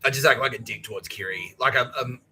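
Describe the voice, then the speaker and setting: A man's voice: mid-range voice, fast talker, vocal fry, sharp tone, a little hiss or hum, rough recording. A man in his thirties with an Australian accent, hosting a podcast and telling a long story in a profane, rambling way, often laughing and acting out other people's voices. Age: 30s. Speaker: podcast host.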